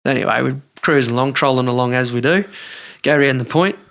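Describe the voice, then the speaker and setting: An Australian man telling a fishing yarn as a podcast guest, lively and full of broad slang. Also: medium pitch, fast talker, creaky. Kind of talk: casual storytelling.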